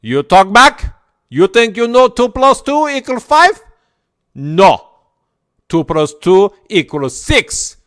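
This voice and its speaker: A man putting on a bossy shouting bully. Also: sits high, very animated, takes it slowly, no room sound, studio quality, pitched above the performer's own voice, full character voice. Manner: loud, bullying, broken-English put-on accent. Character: domineering man scolding an educated woman.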